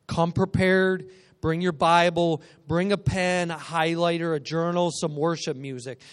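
A man preaching a lively sermon in a church, energetic and joking, calling out to the congregation. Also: fairly high pitch, measured pace, clean tone. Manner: energetic, joking, call-and-response. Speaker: guest preacher.

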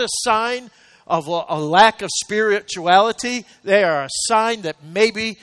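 High-voiced man preaching a lively sermon. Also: normal speed, no echo. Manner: reads scripture with rising emphasis, urges the congregation to respond; joking asides between readings. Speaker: pastor.

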